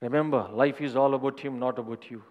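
Pasteur qui prêche dans une grande salle réverbérante. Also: male voice, medium pitch, steady tone, quick pace, long reverb tail, narrow, tinny audio. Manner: earnest testimony, repeating phrases. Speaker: pastor. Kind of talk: sermon.

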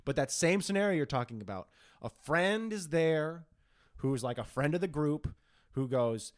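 A man's voice: a little high, moderate pace. A young man hosting a podcast, telling a story in casual chat and acting out quotes. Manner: animated, acts out quotes in changing voices. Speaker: podcast host.

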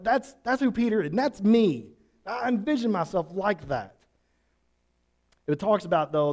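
A man's voice: mid-range voice, a little mellow. A man teaching a Bible passage in a folksy, conversational way, with asides and restarts. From Switzerland. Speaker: pastor.

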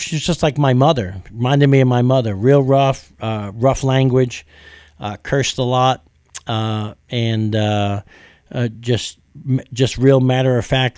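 A man from New York preaching, telling a personal testimony in an earnest, storytelling way with frequent pauses and fillers. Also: medium pitch, darkish tone, no echo, studio quality. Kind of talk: testimony sermon.

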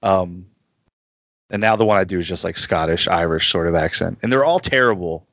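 A man chatting casually as a guest on a podcast, easygoing and quick to laugh at himself. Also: sits low, fairly bright tone, dry recording.

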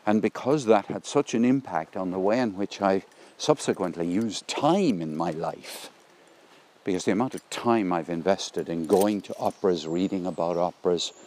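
A man's voice: on the low side, a little mellow, slight background noise. A middle-aged man musing aloud in a rambling spoken diary, recorded outdoors beside a stream on a handheld phone. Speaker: vlogger.

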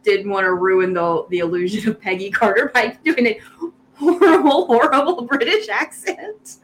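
A woman's voice: mid-range voice, normal speed, fairly bright tone, rough recording. A woman with a Southern US accent in casual podcast chat, talking eagerly and laughing often. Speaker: podcast co-host.

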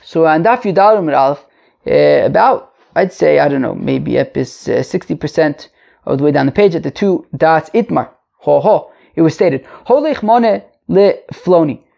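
A man teaches a casual daily Talmud class. He is rambling and chatty, with joking asides, and his voice is gravelly. The recording is a little dull and lo-fi. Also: a little high, expressive, normal speed, darkish tone. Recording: lo-fi home mic.

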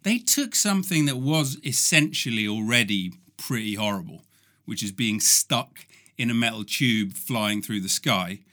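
A man's voice: medium pitch, a bit bright. A man hosting a comedy podcast, talking in a playful, self-mocking monologue from home in quarantine. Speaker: podcast host.

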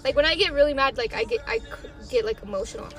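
High-voiced young woman chatting in a car. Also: very animated, racing, rough recording. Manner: chatty, swears freely, laughs often. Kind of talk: casual chat.

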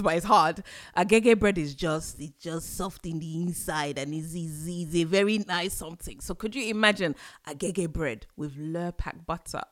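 A woman from London with a London accent, hosting a casual solo podcast, chatty and animated with sudden exclamations. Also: fairly low pitch, normal speed. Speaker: podcast host.

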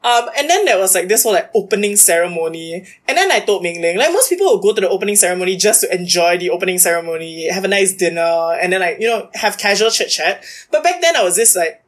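A young woman, a university debater appearing as a podcast guest, chats animatedly in a casual interview and fills her speech with "like." She talks fast at medium pitch, with few pauses.

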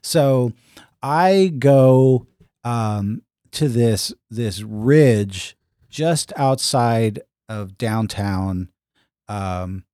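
Man, podcast co-host, casual storytelling, quoted dialogue, mellow tone, dry close sound. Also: mid-range voice, lively intonation, extremely slow, clean tone, dry recording. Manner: rambling anecdote with quoted dialogue.

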